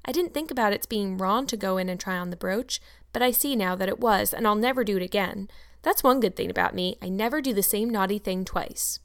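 A woman's voice: medium pitch, a little fast, lightly acted. A woman reading aloud and voicing an earnest, talkative young orphan girl in a storybook. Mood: pleading. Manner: earnest, eager protesting.

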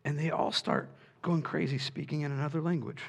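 A man preaching a sermon, animated, swinging from quiet asides to shouts and acting out quoted voices. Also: on the high side, fairly quick, vocal fry, husky. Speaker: pastor.

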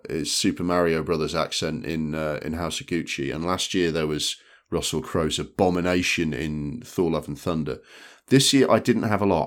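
Man, very low voice, blunt and sweary, casual podcast film chat. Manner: blunt, swears, many restarts. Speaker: podcast co-host.

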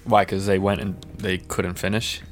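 A man's voice: sits low, little pitch movement, moderate pace, soft background music. A man co-hosting a podcast in casual chat, playful and often restarting his sentences. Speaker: musician co-host.

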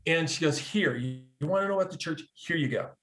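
A man telling a personal story in a casual, animated way, acting out quoted dialogue, with frequent restarts. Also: a little high, fast. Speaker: guest telling a conversion story.

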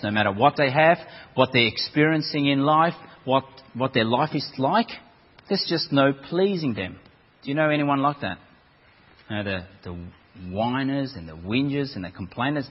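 A man's voice: medium pitch, husky. A man preaching a sermon in a church, conversational and storytelling, often repeating words as he restarts. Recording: dull echoey hall recording.

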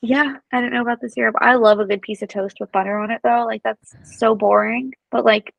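On narrow, tinny audio with no echo, a young female podcast co-host talks fairly quickly in a slightly high voice marked by vocal fry. Her casual chat is full of lively storytelling, and she performs the quotes herself.

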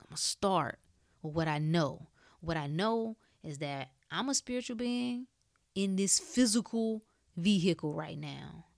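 Preachy woman with a low voice and dry sound. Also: gravelly, no echo. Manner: preachy and emphatic, with sudden loud bursts and soft hushed stretches; casual speech with dropped words. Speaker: wellness speaker. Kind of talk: motivational monologue.

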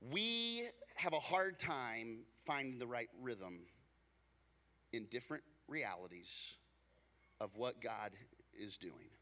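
A man's voice: mid-range voice, animated, slow, bright, forceful tone, big-room sound. A man preaching a sermon as a pastor, casual and joking, slipping into acted voices to tell everyday stories.

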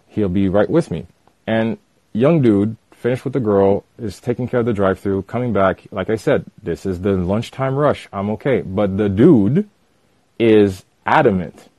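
A man casually telling a personal story with animated retelling and lots of fillers. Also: fairly low pitch, moderate pace, no room sound.

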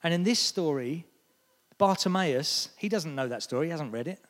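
British guy preaching, bit high voice, lively storyteller, long echo off the hall. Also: moderate pace. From Britain. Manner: animated storytelling, acts out quotes in raised voice. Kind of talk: sermon.

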